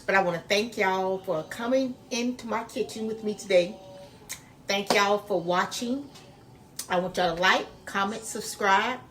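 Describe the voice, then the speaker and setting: A cooking vlogger talks to her viewers in a homey, folksy way while she makes food in her own kitchen. Her medium-pitched voice is a bit bright and measured in pace, and the home recording carries noise.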